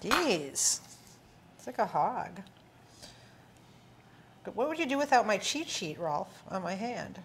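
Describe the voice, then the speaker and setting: A woman's voice: medium pitch, very animated, slow pace, pauses often, noisy background. A woman with an Upper Midwest American accent hosting a casual cooking chat, bantering and tasting food. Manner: chatty, laughing tasting banter. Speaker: host.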